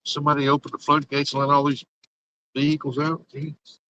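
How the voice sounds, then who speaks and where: A man's voice: on the high side, monotone, fairly quick, pushed and bright, muffled recording, slight background noise. An older man, chatting casually on a livestream while he drives on icy roads, teasing his passengers and talking to his chat. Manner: folksy, rambling, teasing, talks to chat and passengers. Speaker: livestream host. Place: inside a car on icy roads.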